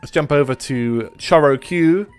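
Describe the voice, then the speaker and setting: A man hosting a live game stream in casual, rambling chat, his voice hoarse and stuffy from a cold. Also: fairly high pitch, measured pace, a little mellow, no room sound, soft background music. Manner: rambling, with restarts, swearing and laughs. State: stuffy nose after a cold.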